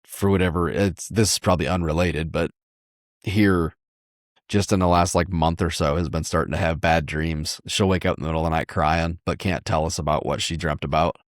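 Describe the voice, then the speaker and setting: A man's voice: low-pitched, fairly even intonation, fairly quick, dry recording, clean studio sound. A man in his thirties, a podcast co-host, telling a rambling story in casual chat.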